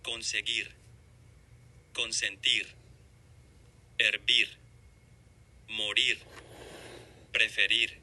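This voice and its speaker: A man reading lesson examples as a word list, slowly and deliberately, one word at a time. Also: on the low side, flat delivery, sharp tone. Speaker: model speaker reading examples.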